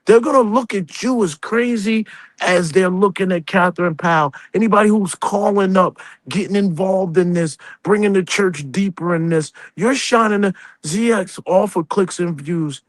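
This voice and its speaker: A man's voice: a little high, moderate pace, dry recording. A man on a live stream, scolding another creator in a heated, repetitive rant. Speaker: accountant.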